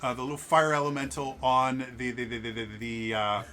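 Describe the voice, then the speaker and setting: A man's voice: mid-range voice, a little fast, sharp tone, soft background music. A man running a tabletop game as game master, narrating scenes and stumbling over repeated words.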